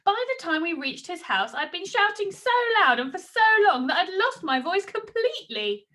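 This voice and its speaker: A woman's voice: high-pitched, fairly bright tone. A woman reading a storybook aloud, narrating expressively in the first person.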